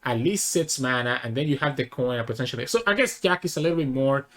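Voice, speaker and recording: A man's voice: mid-range voice, expressive, quick pace, a bit bright. A man hosting a casual reaction video, rambling and correcting himself mid-thought. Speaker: channel host.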